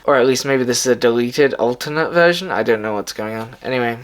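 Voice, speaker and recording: A man's voice: medium pitch, quick pace. A man hosting his own video, casually retelling a story in a rambling way with many filler words and restarts. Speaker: video host.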